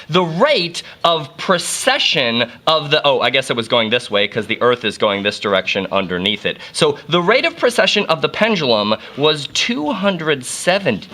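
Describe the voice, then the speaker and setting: A man's voice: a little high, sharp tone. A man giving a casual, jokey physics lesson full of playful asides. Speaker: physics teacher.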